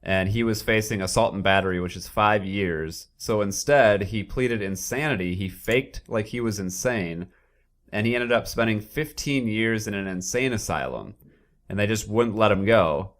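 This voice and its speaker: Low-voiced man, blunt podcast talk. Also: moderate pace. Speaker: podcast co-host. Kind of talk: casual chat.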